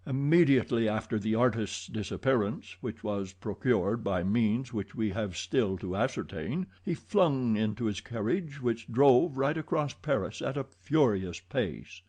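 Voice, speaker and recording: A man's voice: mid-range voice, animated, unhurried, few pauses, a little mellow, breathy edge. A man voicing a self-satisfied police official in an audiobook, lecturing in a pompous tone. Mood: brisk.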